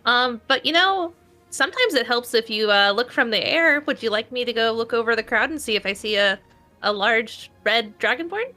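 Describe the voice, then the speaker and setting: A woman's voice: fairly high pitch, animated, moderate pace, bright, forceful tone, soft background music. A woman player speaking in character at a tabletop game in a chirpy, friendly way.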